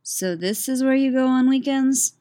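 A woman's voice: high-pitched, normal speed, mellow, voice pushed up, lightly acted. Brief: teasing, smirking young woman , a woman reading her.

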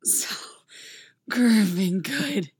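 Lady reading out a cocky young guy, hoarse and breathy, hushed and slow, dry close sound. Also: lowish voice, no room sound. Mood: breathless. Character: cocky, talkative young man.

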